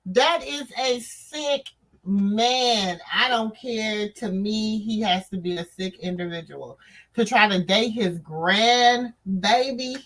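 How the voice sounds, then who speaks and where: A woman's voice: mid-range voice, slow, fairly bright tone, poor audio. A woman in AAVE giving chatty commentary to her viewers, full of asides.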